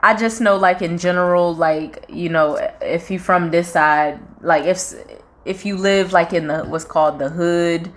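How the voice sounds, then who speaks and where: A young woman with a Southern accent talks in a casual, frank way, her voice sitting low. She keeps talking at length and drops in quoted voices as she goes. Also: steady tone, unhurried. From North Carolina, US. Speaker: channel co-host. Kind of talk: casual chat.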